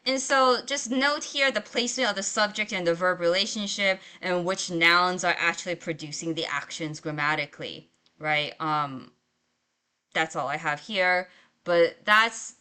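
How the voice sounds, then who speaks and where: Woman writing teacher, lowish voice, bright and clear, chatty lecture style, keeps checking with "right?". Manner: conversational, checks in with "right?" and "okay?". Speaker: writing instructor. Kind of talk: recorded lecture.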